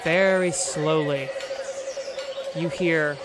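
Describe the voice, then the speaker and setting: A game master narrating a tabletop game in a descriptive, unhurried way with fillers. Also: medium pitch, steady tone, heavy background noise.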